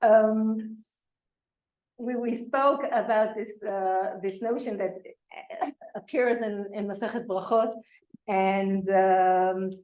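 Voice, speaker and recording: A woman's voice: medium pitch, steady tone, slow, a little mellow, echoey room. A woman teaching a Torah class in a conversational way, full of asides and checks with her listeners. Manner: conversational, with fillers and frequent asides. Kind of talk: lecture to a class.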